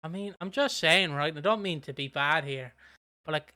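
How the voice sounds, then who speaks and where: A man with a fairly high, bright and very clear voice, talking casually as a podcast co-host. He rambles, restarts his sentences, and swears without a second thought. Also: normal speed. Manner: rambling, lots of fillers and restarts, swears freely. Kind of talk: casual chat reviewing wrestling.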